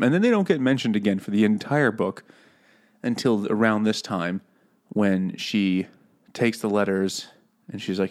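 Lower-voiced sarcastic man joking around. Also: expressive, a little slow. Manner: sarcastic, mocks the characters in put-on voices. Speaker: podcast co-host. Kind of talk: casual book-club chat.

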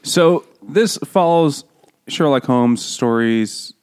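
Slow and a little mellow, this man's medium-pitched voice is clear and resonant. As co-host of a laid-back podcast about books over beers, he gives a crude, joke-filled retelling of a classic story, doing voices for the characters.

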